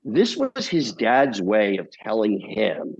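A man, a TV comedy producer, talking as a guest in a casual interview, telling lively stories, laughing often and swearing casually. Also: fairly low pitch, slow, gravelly, breathy edge, highs cut off.

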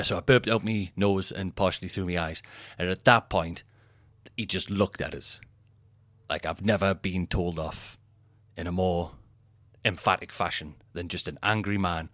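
A man's voice: on the low side, no room sound. Sweary man telling comic stories. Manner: animated, sweary, laughs at his own story. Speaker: comedian podcast host. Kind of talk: comic storytelling monologue.

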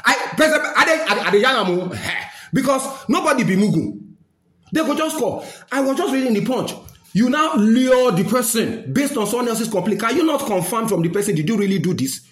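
A man's voice: very high voice, sing-song, moderate pace, a bit bright, reverberant. A man with a Nigerian accent giving a fiery, scolding rant to camera, slipping into Pidgin. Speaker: social commentator.

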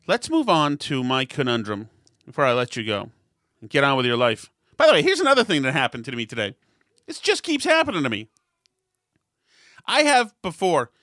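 A middle-aged man hosting a casual monologue, telling stories and getting worked up and loud when he retells arguments. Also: a little high, no room sound, studio quality. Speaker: podcast host.

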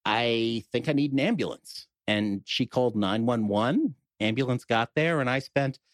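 A man's voice: mid-range voice, moderate pace, dry recording, studio quality. A middle-aged man with a New York accent, a podcast guest telling a personal story in casual conversation, with wry humor and frequent restarts.

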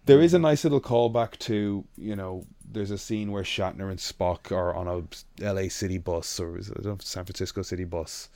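A man co-hosting a podcast in casual chat, animated and sweary as he rants. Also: sits low, moderate pace, few pauses. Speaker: podcast co-host.

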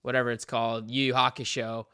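A man from the American South gives his opinions in a casual podcast chat, rambling along with plenty of fillers. His voice is bright and crisp. The recording is close and dry. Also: mid-range voice, level tone, fast talker, dry recording. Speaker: podcast co-host. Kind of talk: casual chat about anime.

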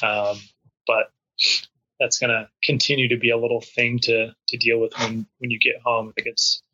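Bright-voiced man chatting casually. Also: medium pitch, little pitch movement, moderate pace, breathy edge, lo-fi sound. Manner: rambling, many likes and restarts. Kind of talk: casual chat.

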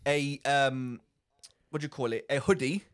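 A young man telling a story in a casual podcast chat, with animated, rambling delivery that circles back and repeats phrases. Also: mid-range voice, normal speed, clean tone, no room sound, clean studio sound. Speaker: podcast co-host.

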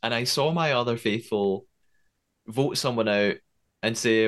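A man's voice: mid-range voice, animated, normal speed, fairly bright tone. Man recapping a show, thinking aloud. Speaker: podcast co-host. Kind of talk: casual recap chat.

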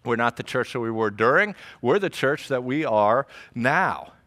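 A middle-aged man preaching a sermon to his congregation in an animated, joking, conversational way. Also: medium pitch, moderate pace. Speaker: pastor. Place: church service before a congregation.

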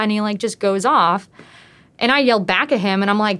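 A woman's voice: mid-range voice, a little fast, pushed and bright, smooth. A woman casually telling her own true story, talking in a loose way with frequent "like" fillers.

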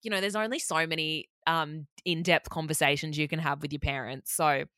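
A woman's voice: low-pitched, steady tone, brisk, pushed and bright, dry recording, studio quality. A young woman telling stories casually, chatty and full of fillers and swearing. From Australia. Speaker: former reality show contestant. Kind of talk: casual storytelling.

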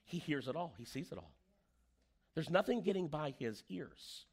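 A man's voice: fairly high pitch, moderate pace, slightly rough. A man preaching a sermon as pastor, telling stories and acting out the quoted voices. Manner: animated storyteller, acts out quoted voices.

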